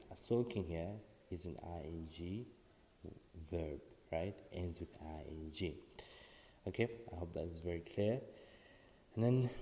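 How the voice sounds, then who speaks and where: Deep-voiced male teacher in an echoey room. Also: warm tone, slight background noise. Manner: explains step by step, repeats words for emphasis. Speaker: English teacher. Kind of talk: online writing lesson. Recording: echoey room with long reverb.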